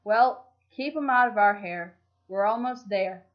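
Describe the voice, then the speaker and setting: A weary, exasperated male crew leader, as a woman reading a story puts him on, flat and clipped. His voice sits at a middling pitch on a dull, lo-fi recording. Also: a little slow, natural voice.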